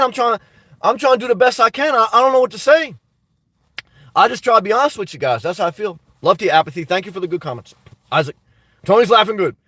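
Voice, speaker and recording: Inside a car, a high-pitched man chats casually with his live-stream viewers, rambling as he reads their comments aloud and answers them bluntly, while a dry cough keeps interrupting. His voice sounds pushed and bright, and the recording is dry with the mic placed a little away from him.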